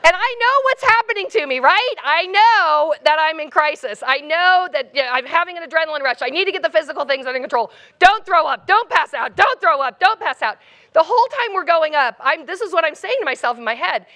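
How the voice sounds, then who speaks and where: A woman keynote speaker with a high, bright voice, telling a comic personal story with lots of energy. Her delivery is animated and self-mocking. Her pitch jumps around a lot. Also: fast, hardly any pauses.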